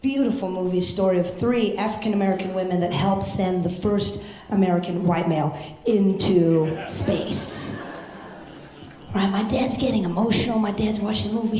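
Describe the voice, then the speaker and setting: A young woman doing a brash, profane stand-up set with loud exasperated outbursts. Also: mid-range voice, fairly even intonation, normal speed. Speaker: stand-up comedian. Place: comedy club stage. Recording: echoey club stage.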